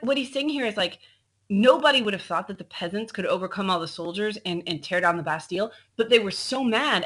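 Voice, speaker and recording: A woman's voice: mid-range voice, fairly bright tone, low-quality recording. Woman teacher talking over slides, lots of ums, casual and direct, computer mic. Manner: chatty, frequent ums, addresses students directly. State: coughing, throat a bit choked. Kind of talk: recorded slideshow lecture. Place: at a computer, screen recording.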